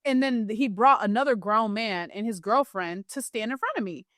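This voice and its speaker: Young woman, podcast co-host, casual chat, animated storyteller, fairly high voice, dry studio sound. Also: moderate pace, dry recording. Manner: animated storyteller, swoops high when quoting herself.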